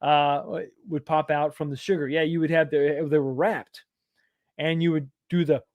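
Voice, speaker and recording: Chatty man, slightly high voice. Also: flat delivery, normal speed, no room sound, clean studio sound. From East Texas, USA. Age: 40s or 50s. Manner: rambling, self-deprecating, chuckling asides. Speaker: live stream host. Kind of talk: casual live chat reading comments.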